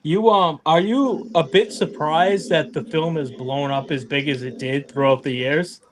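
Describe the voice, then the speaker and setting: Male podcast host asking stuff real slowly, crowd audible in the room. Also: on the high side. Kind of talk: casual interview questions.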